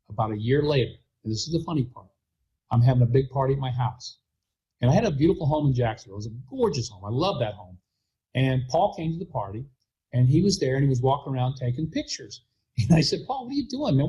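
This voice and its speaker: A husky-voiced middle-aged man hosts a motivational talk, telling a story with quick pace and plenty of rise and fall in his voice. He acts out both sides of each conversation as he goes. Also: on the high side, poor audio. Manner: animated storyteller acting out both sides of a dialogue. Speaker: host.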